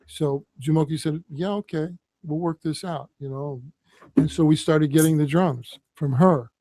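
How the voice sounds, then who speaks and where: A man's voice: a little high, a little mellow, no echo. Chuckling older man telling rambling drum stories. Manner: rambling anecdotes with chuckles and fillers. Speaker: drum circle facilitator. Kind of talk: casual storytelling.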